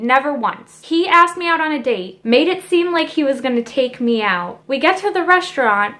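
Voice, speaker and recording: A young woman vlogger telling a personal storytime, indignant and animated, with lots of asides to her viewers. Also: high voice, normal speed, few pauses. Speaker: beauty vlogger. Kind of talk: storytime vlog.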